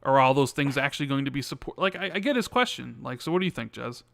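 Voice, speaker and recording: A man's voice: medium pitch, animated, quick pace, creaky, a bit bright, no echo. A man co-hosting a casual gaming podcast, rambling with lots of fillers as he reads out viewer questions. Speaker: podcast co-host.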